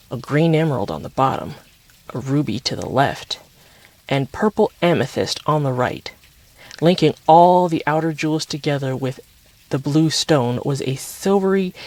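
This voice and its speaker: A man reading a chapter book aloud in a calm, steady storytelling voice. His pitch sits a little above the usual male range. Even and unhurried. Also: dry recording.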